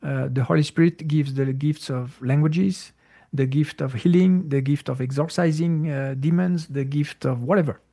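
A man answering a listener's question in a casual talk, halting and searching for words with many restarts. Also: a little high, gravelly, dark tone. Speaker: spiritual teacher answering questions. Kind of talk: casual spoken Q&A.

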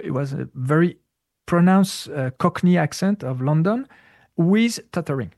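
A man answering a listener's question in a casual talk, halting and searching for words with many restarts. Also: on the high side, a little mellow. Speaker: spiritual teacher answering questions. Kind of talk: casual spoken Q&A.

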